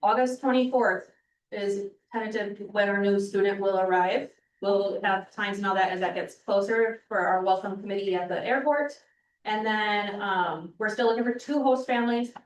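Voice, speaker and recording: Brief: woman meeting leader, brisk, organized, distant roomy recording. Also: mid-range voice. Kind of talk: meeting announcements. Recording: echoey room, distant mic.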